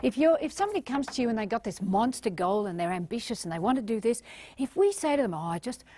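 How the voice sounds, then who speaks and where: An Australian woman delivers a training lecture in a lively, animated way. Her pitch sits fairly high and swings widely as she talks, and she readily acts out the voices she quotes. The sound is dry and close. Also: fast talker, husky, no echo. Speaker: leadership trainer.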